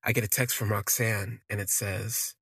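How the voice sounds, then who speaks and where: A man tells a personal story for his podcast in a relaxed, conversational style, lingering on words and dropping in fillers. His gravelly, slightly husky voice is on the low side and moves at normal speed. The sound is close and dry, with no echo or room sound.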